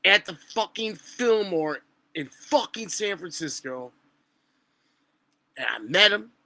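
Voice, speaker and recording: A young man tells stories in a bright, forceful voice that sits a little above the usual male pitch. He talks in an animated, profane, casual way. The mic is close and dry. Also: slow pace, vocal fry, dry recording. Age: 20s. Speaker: guest musician. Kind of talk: casual podcast chat.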